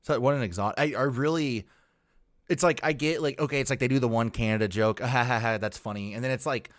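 A man's voice: medium pitch, fast, no echo, clean studio sound. A man chatting casually about a TV show, wry and mocking, laughing often. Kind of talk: casual chat.

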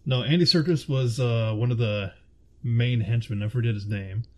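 A relaxed, mid-pitched man talking casually with a friend about old films. He chats loosely, laughs easily and stops to hunt for actors' names. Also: normal speed. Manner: chatty, laughs often, searches for names aloud. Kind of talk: casual chat.

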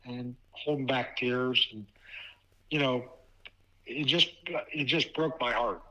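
A man in his fifties from Ohio tells a personal story on a podcast. His voice is bright and forward, and he talks in a halting way, repeating words as he goes. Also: medium pitch, highs cut off. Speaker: podcast guest, basketball official and assigner. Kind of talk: casual storytelling interview.

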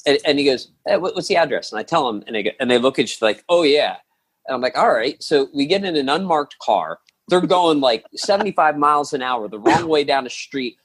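A man tells a story as a podcast guest, his husky voice rising and falling a great deal. He rambles, restarts often and acts out what people said. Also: medium pitch, animated, brisk, fairly bright tone. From lives in New York. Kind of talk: casual storytelling.

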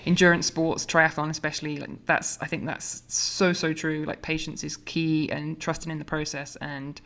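A woman's voice: sits low, little pitch movement, normal speed, gravelly, fairly bright tone. A woman hosting a casual interview, affirming what her guest says and prompting him to tell more. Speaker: podcast host.

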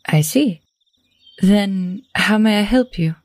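A woman game master voicing a small, mousy woman who is cautious and guarded, with a soft, airy voice. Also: medium pitch, takes it slowly, no room sound, pitched above the performer's own voice, lightly acted. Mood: wary. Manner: polite but cautious.

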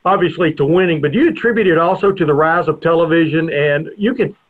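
Stammering radio host on a tinny line. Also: male voice, fairly high pitch. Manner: halting, stammering questions. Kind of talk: casual radio interview. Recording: tinny phone-like radio audio.

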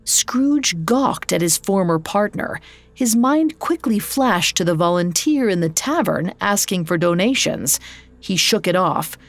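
A woman narrating a scripted story in a measured storytelling manner. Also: lowish voice, animated, no echo. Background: faint music.

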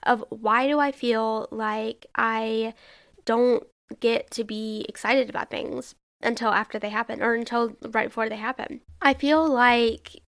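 Gravelly young woman rambling on a podcast. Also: fairly high pitch, steady tone, measured pace, fairly bright tone. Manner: rambling, self-questioning, heavy use of "like". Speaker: podcast host. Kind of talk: casual solo podcast monologue.

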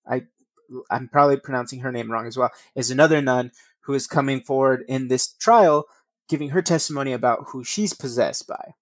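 In a brisk, medium-pitched voice with no room sound, the podcast host alternates between reading passages and loose, swearing side comments in a laid-back storytelling show.

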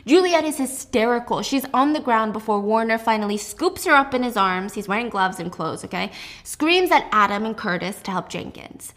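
A young woman hosting a casual book recap, telling the story in an animated way with side comments. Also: on the high side, normal speed. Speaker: host.

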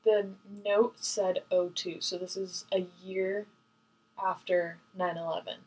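A young woman co-hosting a casual podcast with her mother, chatting and slowly reading old letters aloud. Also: lowish voice, fairly even intonation, darkish tone, low-quality recording. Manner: reads letters out slowly, emotional. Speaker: podcast co-host.

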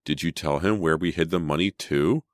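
An accusing teenage girl with a hard, insistent edge, put on by a man with a very deep voice. Her lines come in a raised, pressing pitch in a dry storybook reading. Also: moderate pace, no room sound.

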